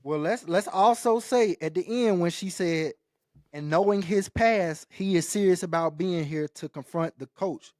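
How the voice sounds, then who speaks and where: Halting high-voiced man, dry sound. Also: darkish tone, no echo. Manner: halting, stumbles and repeats words. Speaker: co-host. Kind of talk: casual podcast chat.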